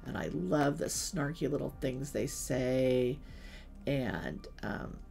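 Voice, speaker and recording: Low gravelly-voiced woman streamer. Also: animated, takes it slowly, a little mellow, soft background music. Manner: chatty storytelling with asides to the game. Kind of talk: casual gaming livestream chat.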